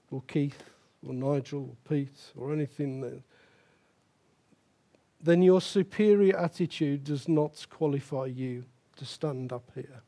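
An older pastor delivers a sermon in an unhurried, deliberate way. His voice sits a little high but sounds mellow and warm. He drives points home by repeating phrases with emphasis.

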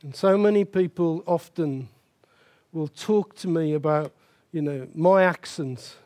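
Slow, mellow-voiced older pastor. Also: male voice, a little high. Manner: emphatic, repeats key phrases for stress. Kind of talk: sermon.

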